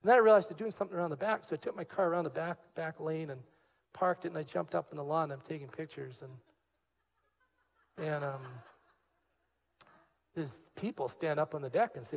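An older man preaching a sermon as a pastor, telling a personal story with lively acted-out dialogue before turning to scripture. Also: a little high, brisk, vocal fry, long pauses, in a large hall. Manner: animated storyteller, acts out quoted dialogue.

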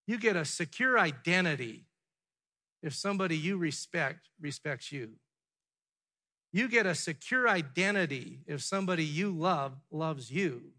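A man preaching a sermon with emphatic repetition and rhetorical questions, dropping from loud declarations to hushed, quieter passages. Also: on the high side, big-room sound. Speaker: pastor.

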